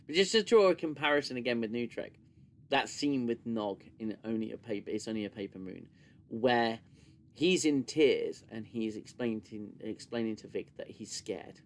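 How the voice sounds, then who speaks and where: A man hosting a casual live discussion stream, talking in long animated runs and sometimes mimicking gushing voices. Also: mid-range voice, moderate pace. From United Kingdom. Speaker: podcast host.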